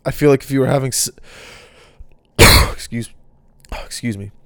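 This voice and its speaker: A man's voice: mid-range voice, normal speed, fairly bright tone, no room sound. A man hosting a casual solo podcast, rambling through off-the-cuff thoughts. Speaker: podcast host.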